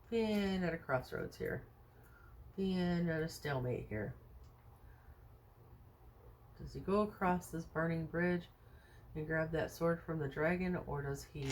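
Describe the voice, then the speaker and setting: A woman gives viewers a casual tarot reading in a low, darkish voice, with slight background noise. Chatty and reassuring, she thinks aloud, leaning on lots of fillers and rhetorical questions.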